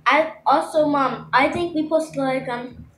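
A hesitant young voice, very high, stumbling through likes and ums in casual talk. The voice is off-mic in an echoey room with a faint hiss. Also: female voice, moderate pace, distant mic. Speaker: vlogger's child. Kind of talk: casual chat.

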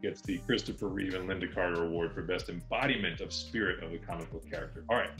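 A man's voice: deep voice, fairly even intonation, fast, a bit bright, reverberant, soft background music. A man co-hosting a film podcast, giving long, enthusiastic explanations in casual chat.

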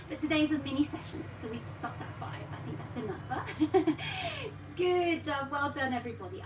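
Very high, sing-song woman teaching toddlers. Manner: animated, sing-song, coaxing. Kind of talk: children's class. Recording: roomy sound, mic at a distance, faint noise.

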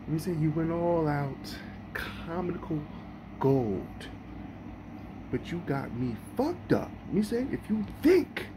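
Animated man with a noisy background. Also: on the high side. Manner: animated, repeats himself, stumbles over words. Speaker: vlogger. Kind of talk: casual reaction commentary.

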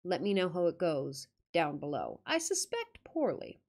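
A woman's voice: lowish voice, huge pitch swings, measured pace, a little mellow. A woman narrating a classic ghost story with dramatic reading and wry, joking asides.

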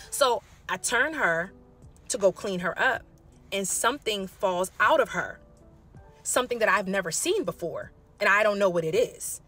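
A woman who works as a nurse, telling a story to camera in a casual, animated way and firing off rhetorical questions. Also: medium pitch. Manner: animated, colloquial, jumps into loud acted reactions; asks rapid rhetorical questions to the audience.

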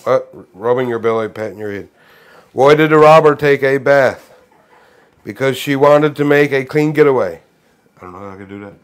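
A man's voice: medium pitch, moderate pace. A man co-hosting a casual joke game, easygoing and chuckling as he reads. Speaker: co-host.

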